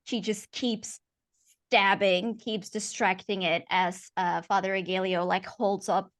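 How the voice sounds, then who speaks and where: A woman's voice: medium pitch, flat delivery, a little slow. A woman playing a tabletop game who describes her character's actions in a thoughtful, hesitant way. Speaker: player.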